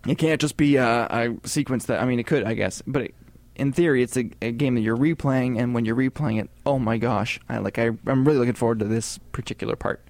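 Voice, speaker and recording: Sohbet eden, canlı anlatımlı bir erkek. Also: male voice, medium pitch, fairly quick, dry recording. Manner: chatty, rambling, animated asides. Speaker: podcast co-host. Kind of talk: casual gaming podcast chat.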